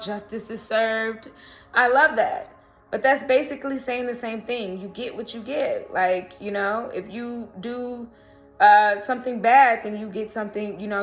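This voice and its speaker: A woman's voice: on the high side, a bit bright. Woman, tarot reader, casual chatty delivery, frequent check-ins, faint music under her voice. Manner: chatty, repeats "okay?" and "you know".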